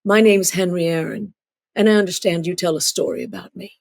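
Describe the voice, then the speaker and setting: A woman's voice: on the low side, fairly even intonation, fairly quick, vocal fry, darkish tone. Woman quoting a gracious older man. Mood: courteous. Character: kind, gracious older man, baseball legend.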